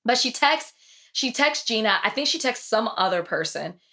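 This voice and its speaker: A woman hosting a podcast, retelling TV episodes in casual chat and acting out the quotes. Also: normal speed. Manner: animated storytelling, acts out quotes with big pitch jumps. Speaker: podcast host.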